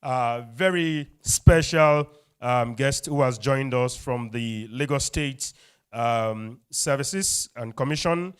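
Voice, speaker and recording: Smooth, energetic Nigerian emcee man. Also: mid-range voice, slow pace. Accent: Nigerian English. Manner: energetic crowd call-and-response. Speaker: event host. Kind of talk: lively event emceeing. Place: event hall.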